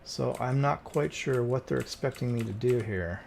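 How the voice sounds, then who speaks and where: A man's voice: medium pitch, normal speed, creaky, a little mellow, a little hiss or hum. A man streaming a cleaning game, muttering and exasperated as he talks to the game, in casual gameplay commentary.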